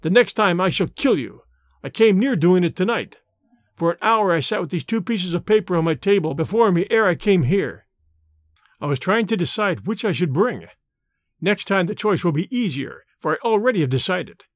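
A man's voice: sits high, lively intonation, moderate pace, no echo, clean studio sound. A man reading the part of a bitter, cornered army officer who hisses threats.

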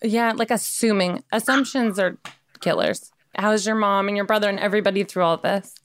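A woman hosting a casual chat, animated and quick to laugh, acting out what people say. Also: mid-range voice. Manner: animated, laughs often, acts out quotes.

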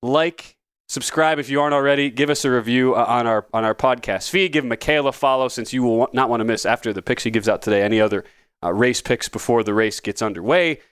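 A man's voice: medium pitch, quick pace, fairly bright tone, clear, resonant tone, no room sound. Rambling male betting podcast host. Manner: rambling, self-correcting, wry asides. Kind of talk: casual sports betting chat.

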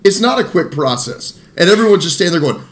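A man's voice: high-pitched, animated, fast. A man co-hosting a casual movie podcast, crude and joking, laughing a lot. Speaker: podcast co-host.

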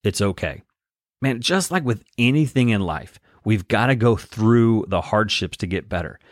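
A man with a fairly low voice talks straight to his listeners as a self-help podcast host. He is earnest and direct and coaches like a friend, now and then breaking into laughter. The sound is dry and close, with no room behind it. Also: animated, moderate pace, dry recording. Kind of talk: motivational self-help talk.

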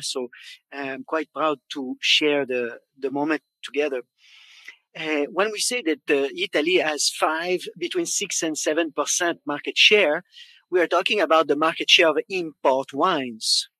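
A man in his fifties from Montreal with a Quebec French accent, giving a conference presentation, often repeating words for emphasis and pausing on fillers. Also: a little high, pushed and bright, no echo. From Canada, Montreal. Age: 50s. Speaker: conference speaker.

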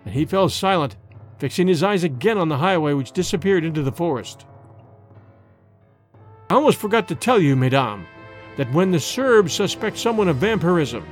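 A man narrating a story in an expressive, measured way, as an audiobook reading. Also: a little high, faint music behind.

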